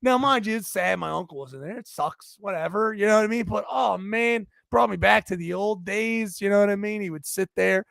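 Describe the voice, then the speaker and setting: High, gravelly man ribbing his co-host. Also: a little fast, few pauses, fairly bright tone, dry recording, studio quality. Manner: teasing, profane, mock-scolding. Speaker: podcast co-host. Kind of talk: casual podcast banter.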